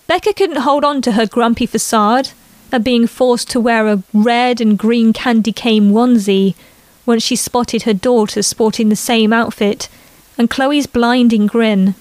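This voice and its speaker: A woman narrating a family story in an unhurried reading voice. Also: fairly high pitch, steady tone, a little mellow, no echo.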